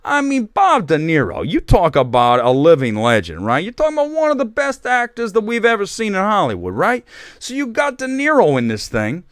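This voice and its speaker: A man's voice: wildly swooping pitch, normal speed, a bit bright, no echo, studio quality, exaggerated voice. A man putting on a brash Italian-American guy. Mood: ranting. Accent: mock Italian-American. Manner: exaggerated, high-pitched and emphatic. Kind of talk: live stream movie commentary.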